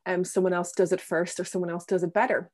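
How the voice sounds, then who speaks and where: Gentle, thoughtful low-voiced woman. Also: level tone, quick pace. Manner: gentle, thoughtful, with frequent ums and restarts. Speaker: guest speaker on self-compassion. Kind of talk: reflective interview answers.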